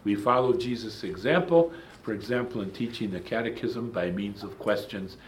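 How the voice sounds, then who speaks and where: Low-voiced man teaching a Bible class. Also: normal speed, a little hiss or hum. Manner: emphatic, digressive, with asides and restarts. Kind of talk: Bible study lecture.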